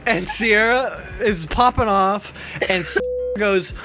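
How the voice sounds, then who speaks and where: A man casually chatting with friends, telling animated stories full of quoted voices and swearing. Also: high-pitched, moderate pace. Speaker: podcast co-host. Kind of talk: casual group chat. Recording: loud noise with clicks.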